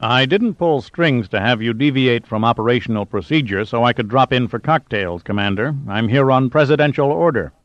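A commanding older admiral, brisk and sure of himself, voiced by a male narrator. He speaks with firm authority. The sound is muffled and dry. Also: medium pitch, no room sound, lightly acted. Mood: assured. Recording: dull dry lo-fi audio.

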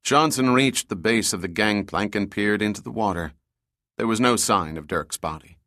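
Male audiobook narrator, low voice, measured delivery, dry close studio sound. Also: sharp tone, no room sound.

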